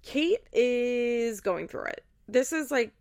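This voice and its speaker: Chatty woman host w/ lots of fry, says like a lot, swears casually. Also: on the high side, expressive, slow pace, darkish tone. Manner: chatty, swears, many fillers. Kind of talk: casual recap chat.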